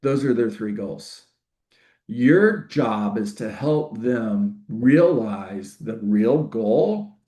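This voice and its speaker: Guy w a lowish voice running a live sales training, upbeat, keeps repeating the key lines. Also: very slow. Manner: energetic, interactive, repeats key phrases for emphasis. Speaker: real estate coach. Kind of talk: live online training session.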